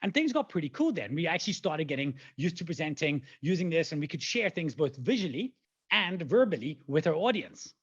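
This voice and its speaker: A man in his forties giving an energetic webinar talk, animated and playful, with rhetorical questions and sound effects. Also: a little high, brisk, slightly rough, muffled recording. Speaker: presenter.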